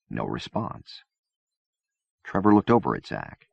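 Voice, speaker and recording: A man reading a novel aloud in measured, even scripted narration. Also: rumbling low, gravelly, no echo. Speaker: audiobook reader. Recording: dull dry cassette-era recording.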